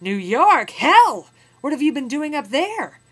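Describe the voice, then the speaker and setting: A woman voicing a gruff male slave trader who bellows coarse questions in a read-aloud memoir. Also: medium pitch, very animated, moderate pace, a bit bright, voice pushed up. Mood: astonished.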